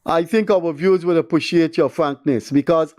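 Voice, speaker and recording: A man's voice: fairly high pitch, normal speed, darkish tone. An older man with a Guyanese accent hosting a call-in show, talking in exasperated, rambling commentary. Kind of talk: call-in radio talk.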